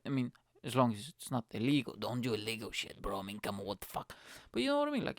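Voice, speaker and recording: A man hosting his own solo podcast, rambling and excitable, swearing freely as he rants to listeners. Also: medium pitch, quick pace, dry recording, clean studio sound. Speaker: podcast host.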